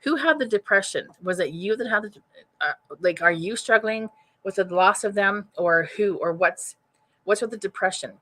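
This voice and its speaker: A woman's voice: medium pitch, moderate pace, sharp tone. Chatty woman giving a psychic reading. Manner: rambling, chatty, thinks aloud with many restarts. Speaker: psychic medium. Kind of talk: live-streamed mediumship reading. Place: home, streaming live. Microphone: webcam or computer mic.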